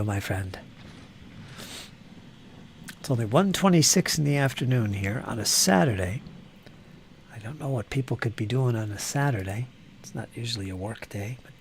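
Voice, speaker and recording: A man chatting casually on a live hobby stream while building models, rambling and muttering to himself, with a voice he says is going hoarse. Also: medium pitch, lively intonation, normal speed, pauses often, a little hiss or hum. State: losing his voice.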